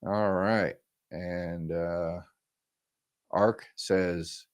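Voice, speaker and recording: A man's voice: low voice, extremely slow, gravelly, long pauses. A man hosting a live stream, reading viewer comments aloud and answering them informally with many fillers and a friendly "y'all". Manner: friendly, says "y'all" often. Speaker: host answering viewer questions. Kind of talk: live-stream Q&A, casual chat.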